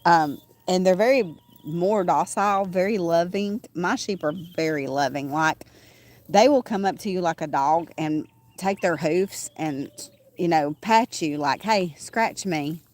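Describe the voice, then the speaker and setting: Outdoors on her small farm, a woman chats casually on a livestream, rambling with frequent "um" fillers while roosters crow and farm animals sound behind her. Her voice is on the low side with a darkish tone, and she talks a little slowly.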